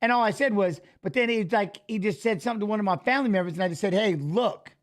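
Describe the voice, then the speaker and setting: Middle-aged male co-host, high-pitched, casual, swears and restarts a lot. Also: fast talker. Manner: animated storytelling, swearing, restarts. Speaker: co-host of a fight preview show. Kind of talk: casual chat.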